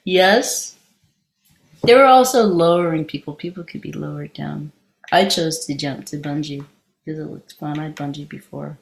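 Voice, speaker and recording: A woman with a low, gravelly voice leads an informal meditation talk. She tells her story conversationally, pausing and restarting often and laughing along the way. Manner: halting and conversational, many restarts, laughs while telling. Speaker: meditation teacher.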